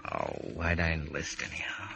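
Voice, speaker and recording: An actor playing an eager, lovesick young sailor, earnest and pleading in 1930s radio drama style. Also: male voice, rumbling low, big pitch swings, normal speed, creaky, full character voice. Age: young adult. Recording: scratchy dull old radio transcription.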